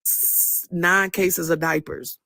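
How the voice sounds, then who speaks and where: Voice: mid-range voice, flat delivery, slow pace, pushed and bright, no room sound. A fan in a played clip, telling a story in a rambling, listy way with restarts. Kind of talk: casual storytelling.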